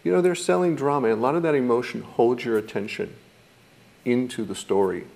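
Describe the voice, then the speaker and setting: A man with a mid-range, creaky, somewhat mellow voice speaks briskly while teaching a mindfulness course. He's thoughtful and reflective, now and then acting out how people react.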